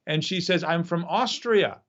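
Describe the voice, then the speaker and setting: An enthusiastic male storyteller with a fairly high voice. He talks over a video call from his home studio, and the sound comes through dull and lo-fi. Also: moderate pace, a bit bright. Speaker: magician and app creator. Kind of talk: casual storytelling.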